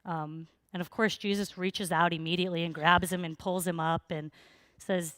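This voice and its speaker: Lady preacher telling a bible story, casual and chatty, lowish voice, dry sound. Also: steady tone, moderate pace, fairly bright tone, no room sound. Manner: chatty, informal, many fillers. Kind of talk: sermon storytelling.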